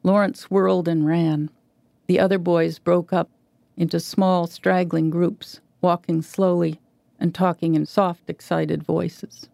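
A woman reading a literary short story aloud in a measured, even way. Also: lowish voice, creaky, dry recording. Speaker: reader.

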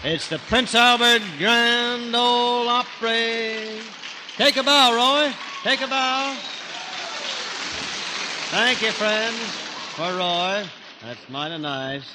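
A male announcer, introducing acts in a folksy, unhurried way and pitched fairly high. The 1940s broadcast carries a steady hiss. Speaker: radio announcer. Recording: hissy 1940s radio broadcast.

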